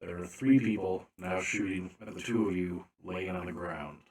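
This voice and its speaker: A man narrating a tabletop game as game master, slow and deliberate with frequent fillers. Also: deep voice, fairly even intonation, darkish tone, echoey room.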